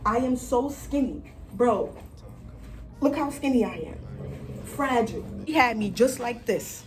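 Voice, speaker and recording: A woman telling a story on her vlog in an animated way, full of swearing and slang. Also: fairly high pitch, measured pace, noisy background. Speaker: vlogger.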